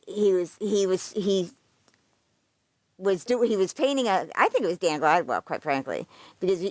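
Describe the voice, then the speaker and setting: A woman's voice: on the low side, no echo. Blunt, rambling woman streamer, dry sound. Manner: blunt and profane, rambling with frequent restarts. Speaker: livestream host. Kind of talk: casual chat commenting on a list she reads aloud.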